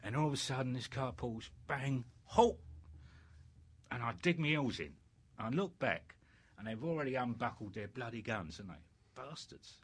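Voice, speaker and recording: A man's voice: medium pitch, animated, moderate pace, husky. An older man with a British accent, rambling through life stories in a casual interview, full of fillers and restarts. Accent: British English. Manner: rambling anecdotes with many fillers. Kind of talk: storytelling in casual chat.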